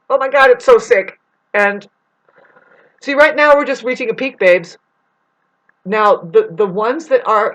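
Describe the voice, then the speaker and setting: A woman's voice: fairly high pitch, muffled recording. A woman delivering a rambling, profane spiritual monologue to her viewers. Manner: intense, profane, digressive. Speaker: spiritual vlogger.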